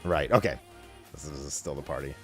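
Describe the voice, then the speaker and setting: Young male streamer, low voice, rambling excitable storyteller with a foul mouth, faint music underneath. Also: moderate pace. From Romania. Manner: rambling, excitable, swears a lot. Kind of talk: casual storytelling to stream chat.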